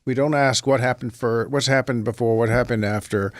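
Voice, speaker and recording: A man's voice: medium pitch, fairly even intonation, a little fast, no echo, clean studio sound. A man, an actor, talking casually as a guest, rambling and acting out little examples as he explains. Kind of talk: casual talk-show chat.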